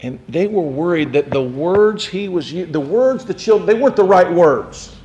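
A man preaching a sermon, talking straight to his listeners with questions, swinging between loud emphasis and hushed, quiet passages. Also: sits high, lively intonation, normal speed, muffled recording. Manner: speaks directly to listeners with questions.

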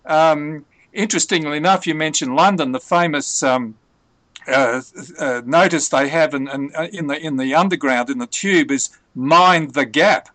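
A man with a slightly raised pitch explains phrasal verbs patiently, pausing often on fillers and restarting his sentences. His voice is recorded close and dry, with no room sound. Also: fairly bright tone, dry recording. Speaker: English tutor. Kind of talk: conversational language lesson.

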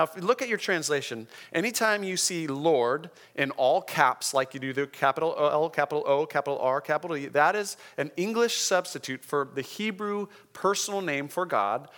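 A man preaching a sermon in a conversational, emphatic way, often slowing down to stress key words. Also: on the high side, lively intonation, fairly bright tone. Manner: conversational, emphatic, checks in with the congregation. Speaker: pastor.

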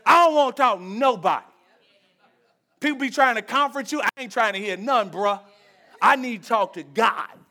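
A man's voice: very high voice, lively intonation, pushed and bright, full character voice. Casting: a man playing Job, fed up and done with people, rattling off slang. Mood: exasperated. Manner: fast, street-slang complaining.

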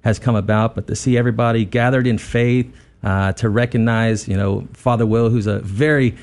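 A man's voice: lowish voice, fairly even intonation, moderate pace, a little mellow. A man co-hosting a radio talk show, speaking earnestly with many fillers. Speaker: radio co-host.

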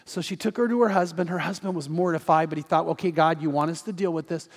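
A male pastor delivering a sermon, telling a story that swings from loud urging to hushed tones. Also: a little high, fast talker. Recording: long reverb of a large hall.

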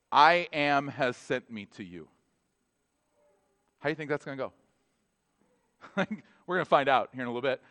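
A man's voice: medium pitch, a bit bright, dry recording. A man preaching a casual, conversational sermon as a pastor, full of asides and laughing at his own jokes.

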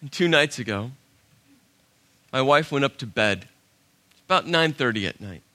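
A pastor preaching a sermon animatedly tells a personal story, acting out his own inner dialogue. His voice is mid-range and his pace moderate.

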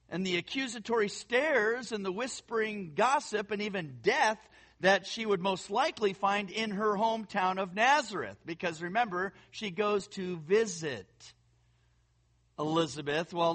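A man preaching a sermon, reading scripture aloud and talking to his listeners in a conversational, animated way. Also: sits high. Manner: conversational, addresses listeners as friends; animated, puts on quoted voices while reading. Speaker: pastor.

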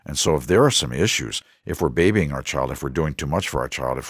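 Very deep husky-voiced man, earnest. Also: expressive, fast talker, hardly any pauses, no room sound, studio quality. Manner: earnest, preachy, quotes scripture, acts out little dialogues. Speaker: podcast host. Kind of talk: conversational Christian parenting talk.

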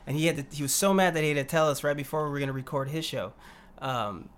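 A man's voice: a little high, fast talker. A man co-hosting a casual podcast chat, laughing often and telling stories animatedly. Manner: laughs a lot, animated storytelling. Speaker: podcast co-host.

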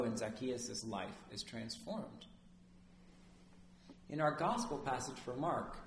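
Priest guy giving a chatty sermon, keeps going "right?", echoey room. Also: a little high. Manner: lively, conversational, keeps asking "right?".

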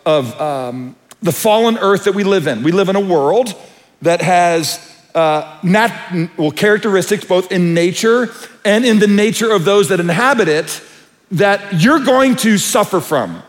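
A man with a fairly high voice preaches a sermon in a big hall, his words trailing in a long reverb. He shifts from earnest explanation into animated storytelling, acting out quotes. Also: a little slow. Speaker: pastor.

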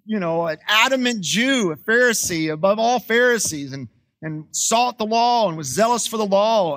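A man's voice: high voice, fairly bright tone. A man preaching a sermon, retelling a Bible story in a casual, conversational way with many restarts.

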